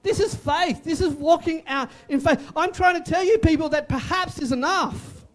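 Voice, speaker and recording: High-voiced emphatic male preacher. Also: moderate pace. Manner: emphatic, repetitive, jokey preaching. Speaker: pastor. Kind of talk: sermon.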